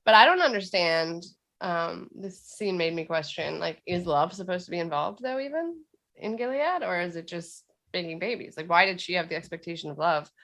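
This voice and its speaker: A woman's voice: on the low side, normal speed. A woman co-hosting a podcast, chatting casually as she recaps a TV episode and acts out the characters' lines. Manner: animated retelling, acts out characters' lines with laughs. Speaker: podcast co-host.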